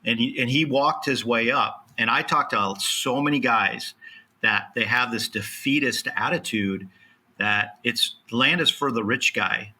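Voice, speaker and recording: Man, very bright tone, emphatic, motivational, podcast guest. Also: medium pitch, unhurried, husky. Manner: emphatic, motivational, acts out dialogue. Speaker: land specialist guest. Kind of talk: podcast interview.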